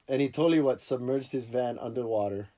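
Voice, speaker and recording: A man's voice: medium pitch, a little fast, warm tone. A man hosting a casual podcast, rambling and joking with frequent laughs. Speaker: podcast host.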